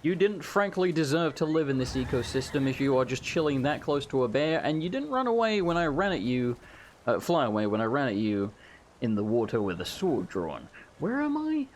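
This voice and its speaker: A man hosting a let's play, giving joking, chatty commentary and reacting loudly to the game. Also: mid-range voice, lively intonation, brisk, slight background noise. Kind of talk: gameplay commentary.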